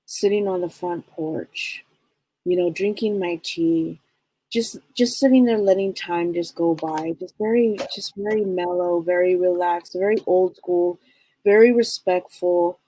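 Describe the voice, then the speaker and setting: Husky-voiced woman giving a psychic reading. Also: fairly low pitch, unhurried, poor audio. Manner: gentle, searching for words, relays spirit messages. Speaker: psychic medium, co-host.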